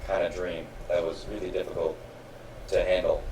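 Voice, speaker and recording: A man co-hosting a podcast in casual chat, easygoing with drawn-out reactions. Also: sits low, little pitch movement, a little mellow, far from the mic. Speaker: podcast co-host. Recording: echoey room, off-mic, clear background noise.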